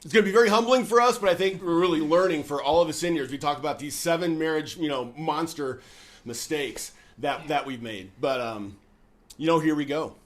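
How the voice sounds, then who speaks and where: A man hosting a relaxed chat with his wife, a former pastor who tells stories in a folksy, animated way with plenty of fillers. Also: a little high, fairly quick. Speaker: host. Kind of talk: casual chat with joke telling.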